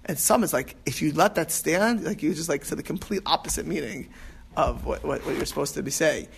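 A man's voice: a little high, a little fast, gravelly, a little hiss or hum. A man teaching an informal class on prayer, rambling and restarting with emphatic asides. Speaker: rabbi teaching about prayer.

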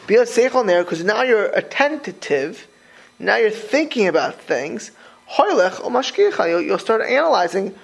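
Animated gravelly-voiced rabbi teaching. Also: male voice, high voice, unhurried, rough recording. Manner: animated, conversational, repeats words while restarting; talks straight to the listeners with rhetorical questions. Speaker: rabbi teaching a Torah class. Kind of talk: informal Torah lecture.

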